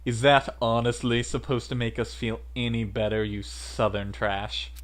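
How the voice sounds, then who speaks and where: A man voicing a haughty, wealthy young man who talks slowly and with contempt. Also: mid-range voice, steady tone, lightly acted. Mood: contemptuous. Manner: slow, sneering, condescending.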